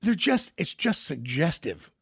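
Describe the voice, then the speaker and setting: High-pitched raspy guy hosting, jokey and blunt, swings all over. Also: measured pace. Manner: animated, joking, blunt. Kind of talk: casual conversation.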